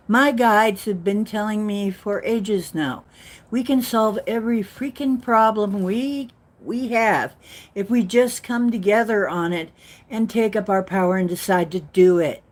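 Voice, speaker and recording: A woman's voice: medium pitch, measured pace. A woman giving an earnest, rambling spiritual talk, telling a story with many restarts. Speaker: spiritual channel host.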